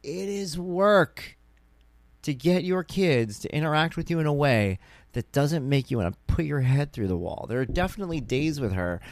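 A man's voice: a little high, moderate pace, dry recording. A tired man hosting his own podcast, chatting casually and acting out family conversations as he tells them. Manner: animated storyteller, acts out dialogue. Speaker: podcast host. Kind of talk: casual solo podcast monologue.

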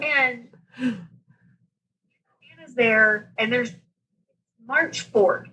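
A woman in her thirties, a guest on a talk show, telling her story in a casual, animated way, laughing often and acting out what people said. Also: fairly high pitch, moderate pace, long pauses, poor audio. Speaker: podcast guest sharing her birth story.

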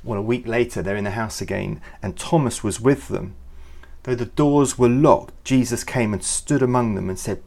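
A man's voice: medium pitch, normal speed, creaky, darkish tone. A man hosting a youth ministry podcast, talking earnestly and conversationally with many fillers. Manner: earnest, conversational, many fillers, voices the people in his stories. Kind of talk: reflective devotional talk.

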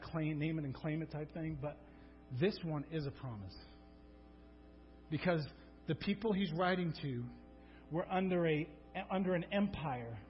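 A man preaching a sermon to his congregation, animated, often repeating words and asking "right?", and acting out urgent, crying-out prayers. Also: fairly high pitch, in a large hall, dull audio. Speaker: pastor. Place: church sanctuary.

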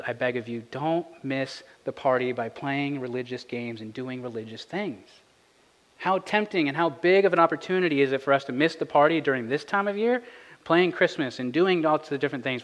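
A man in his thirties delivers a sermon in a conversational, earnest way, his voice sitting a little high and climbing when he stresses a point. The sound carries a long reverb from the church sanctuary around him. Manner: conversational, earnest, rises for emphasis. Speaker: pastor.

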